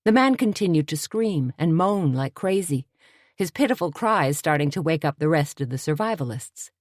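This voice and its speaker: A woman narrating an audiobook in a steady, measured storytelling voice. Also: sits low, no echo, studio quality.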